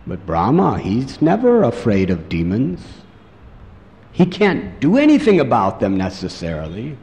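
Slow, dramatic preacher man in a hall. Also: mid-range voice, wildly swooping pitch, darkish tone. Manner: dramatic storytelling, slows for emphasis. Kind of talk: sermon. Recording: long hall reverb.

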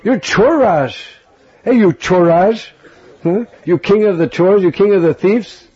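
Stern mom telling off her kid, man puts her on, highish voice, mellow, kinda dull recording. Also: a little slow, slightly rough. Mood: angry scolding. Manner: scolding, lecturing. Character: stern scolding mother of a naughty boy.

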